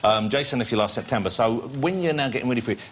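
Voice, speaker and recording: A man's voice: medium pitch, racing, slight background noise. A man hosting a talk show, bantering playfully and laughing with his guest.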